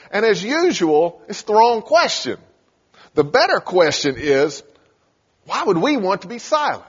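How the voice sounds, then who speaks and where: In a big, echoing hall with dull acoustics, a male pastor delivers a sermon by narrating scripture stories and performing the scenes. He speaks with a high-pitched, fairly bright voice that has a slight roughness.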